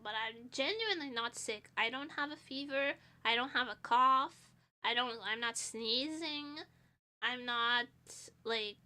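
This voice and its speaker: High, bright, nasal young woman streamer. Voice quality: nasal, sniffly. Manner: rambling, self-deprecating, laughs often. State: stuffy nose. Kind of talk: casual chat.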